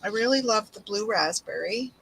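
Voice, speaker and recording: A woman's voice: mid-range voice, animated, moderate pace, creaky, noisy background. Older woman, casual livestream chat, rambling, greets viewers by name, unpacking craft supplies. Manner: talks while unpacking and showing craft supplies.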